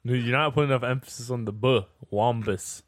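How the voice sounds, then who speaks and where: A man playing in a tabletop game, talking in a dry, deadpan way. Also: medium pitch, very fast. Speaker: player. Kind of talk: casual tabletop game chat.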